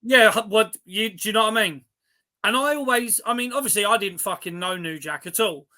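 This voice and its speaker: A male podcast host with a high, bright voice chats casually with his guest. He sounds agreeable and easygoing and swears freely as he asks his questions. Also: fairly quick. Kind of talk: casual interview chat.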